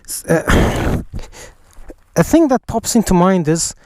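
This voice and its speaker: Bright-voiced man rambling about bikes. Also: sits high, sing-song, takes it slowly, pauses often, no room sound. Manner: rambling, thinking aloud with restarts and sighs; enthusiastic, jokey. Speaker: motorcycle vlogger. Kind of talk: casual spoken bike review.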